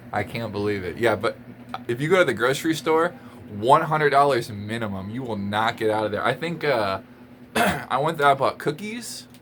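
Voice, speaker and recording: A man ranting to his camera in an exasperated, emphatic way, repeating his points and laughing between lines. His voice sits at an ordinary pitch for a man, with a faint hum of background noise behind it. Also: fairly bright tone. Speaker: vlogger. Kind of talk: casual rant to camera.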